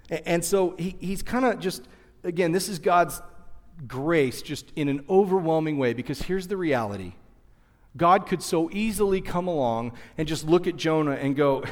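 A man's voice: on the high side, moderate pace. Chatty man preaching in a reverberant hall. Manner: conversational, animated storytelling with asides to the audience. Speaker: pastor. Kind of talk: sermon.

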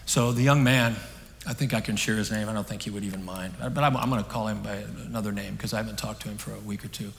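A man preaching a sermon on a stage, telling a story in an earnest, conversational way that swings between emphatic and hushed. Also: lowish voice, steady tone, fast, vocal fry, slight background noise. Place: stage in a large hall. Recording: long hall reverb.

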